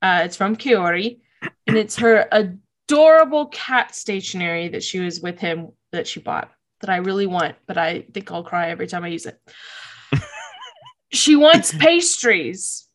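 A woman's voice: mid-range voice, expressive, unhurried. A woman casually recapping episodes of a show, emotional and gushing, laughing often and saying "like" a lot.

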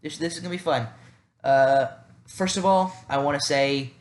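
A young man from the American South with a Southern accent, hosting a solo sports podcast on a cheap headset and talking fast, animated and rambling, with many restarts. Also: a little high, reverberant. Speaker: podcast host. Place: at home by a computer.

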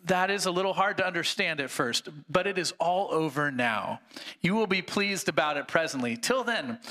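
A serene male heavenly spirit who offers gentle, patient reassurance, as a man reading in a sermon puts him on. He sounds bright and speaks a little high. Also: expressive, normal speed, long reverb tail.

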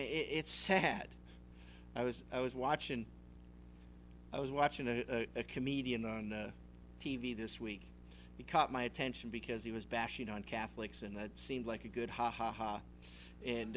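A man's voice: medium pitch, fairly bright tone, slight background noise. A male pastor giving a conversational sermon, retelling scripture with acted voices. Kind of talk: expository sermon.

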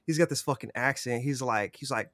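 A man's voice: medium pitch, a little fast, fairly bright tone, dry recording, clean studio sound. Rambling young man telling a story. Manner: rambling, heavy swearing and fillers. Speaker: podcast guest. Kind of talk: casual storytelling.

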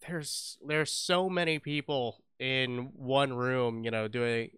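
Slow, smooth-voiced young man chatting. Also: mid-range voice, steady tone, fairly bright tone, no echo, clean studio sound. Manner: rambling, with many fillers and restarts, swears freely. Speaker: podcast co-host. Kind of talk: casual chat.

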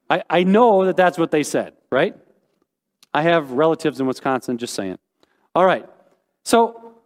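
A man preaching a sermon as a pastor, animated and joking, with sudden high exclamations. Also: long reverb tail.

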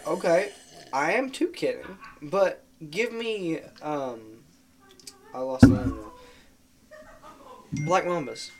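A man's voice: a little high, big pitch swings, slow pace, long pauses, darkish tone. A young man co-hosting a casual podcast, teasing his friend with exaggerated jokes. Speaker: podcast co-host. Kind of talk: casual chat.

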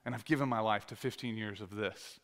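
A man's voice: fairly low pitch, brisk, fairly bright tone. A male pastor preaching a sermon, telling stories with lots of quoted dialogue and restarts. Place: church sanctuary. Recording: long church hall reverb.

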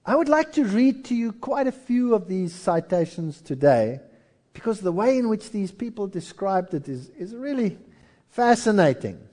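A high-pitched male preacher speaking at normal speed tells history through his sermon in an animated storytelling manner, acting out the voices.

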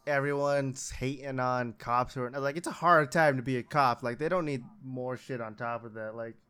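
A laid-back man chatting casually and tossing in wry, blunt reactions. His voice is smooth and resonant, at a medium pitch. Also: normal speed, fairly bright tone. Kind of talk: casual chat.

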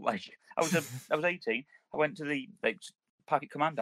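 A man's voice: a little high, animated, quick pace, vocal fry, a bit bright, no room sound. A man, an ex-soldier, telling rambling, sweary army stories on a podcast. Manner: rambling, restarts, heavy swearing. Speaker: podcast host, army veteran. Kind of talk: casual swearing banter, war stories.

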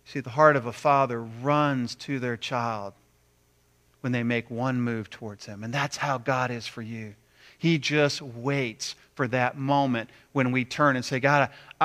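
A man preaching a sermon, animated, acting out quoted voices with big swings between loud and quiet. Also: mid-range voice, normal speed. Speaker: pastor.

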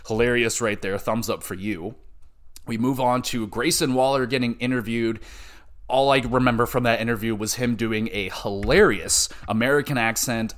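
A man's voice: mid-range voice, fairly bright tone. A man hosting a solo podcast, recapping a show in a loose, chatty manner with plenty of swearing. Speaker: podcast host.

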